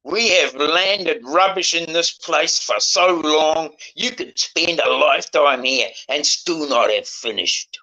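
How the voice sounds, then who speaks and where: A man in his sixties in casual conversation, emotional and halting, swearing often as he talks. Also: fairly high pitch, sharp tone, dull audio. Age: 60s.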